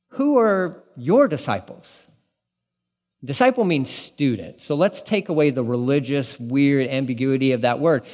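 A male pastor delivers a loose, conversational sermon with a slightly raised pitch, slipping into quick acted-out voices as he goes. His voice rings out with a long reverb, as if recorded in a large hall. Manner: casual, animated preaching with acted-out dialogue.

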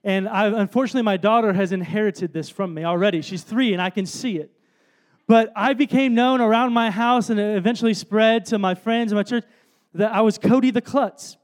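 Chatty man preaching, high voice. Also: brisk. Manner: casual, rambling, self-deprecating with many fillers. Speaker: speaker at a worship event. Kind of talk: storytelling sermon.

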